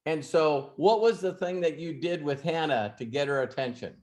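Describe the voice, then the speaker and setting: A man's voice: on the high side, moderate pace, darkish tone. A man hosting an ask-me-anything session, telling stories and giving advice in a loose, rambling way with many restarts and asides. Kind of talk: casual storytelling and advice.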